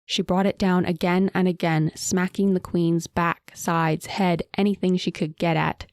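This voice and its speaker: A woman narrating a fantasy audiobook in a measured, dramatic storytelling manner. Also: fairly low pitch, little pitch movement, darkish tone, dry recording.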